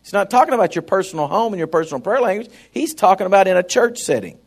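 Guy preaching, kinda high voice, chatty and folksy, keeps asking the church if they're with him. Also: lively intonation, quick pace. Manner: folksy, conversational preaching with repetitions and asides to the congregation. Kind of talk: sermon.

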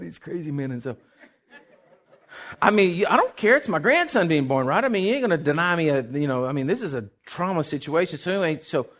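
An older man, telling a personal faith testimony in a rambling way, full of fillers, moving from hushed tones to shouted declarations. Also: mid-range voice. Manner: emotional, swings from hushed to shouting. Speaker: testimony speaker.

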